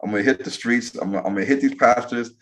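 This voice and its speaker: A man's voice: mid-range voice, fast, fairly bright tone. Emphatic American man telling a story. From United States. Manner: repetitive, emphatic, asks rhetorical questions. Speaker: interview guest. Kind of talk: animated storytelling in conversation.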